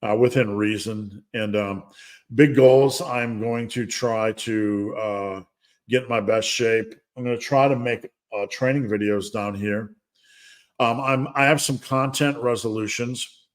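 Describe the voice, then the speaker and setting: A middle-aged man hosts a live fitness Q&A stream, answering viewers in a loose, rambling way. He talks at an ordinary middle pitch and drifts into asides, often laughing at himself. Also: steady tone, measured pace. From United States. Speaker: fitness coach and livestream host. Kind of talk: casual livestream Q&A.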